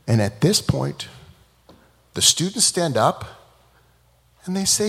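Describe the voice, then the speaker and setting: A man giving a public talk as an animated, dramatic storyteller. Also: fairly high pitch, measured pace, vocal fry, long pauses, breathy edge, long reverb tail.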